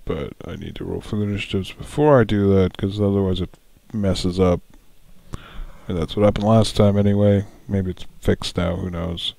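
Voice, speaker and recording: A man's voice: sits low, normal speed, creaky, dark tone, dry recording. A man running a solo tabletop game as dungeon master, musing aloud, correcting himself and chuckling often.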